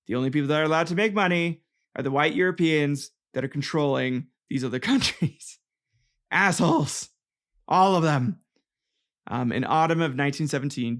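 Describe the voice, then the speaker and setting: A man hosting a casual comedic history podcast, rambling and joking, swearing and tripping over names. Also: mid-range voice. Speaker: podcast host.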